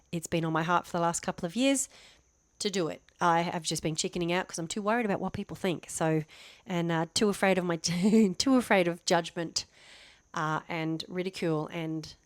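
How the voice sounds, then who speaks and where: A woman's voice: lowish voice, no room sound. A woman in her fifties talking casually to camera, chatty and self-deprecating, rambling with restarts. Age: 50s. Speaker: vlogger.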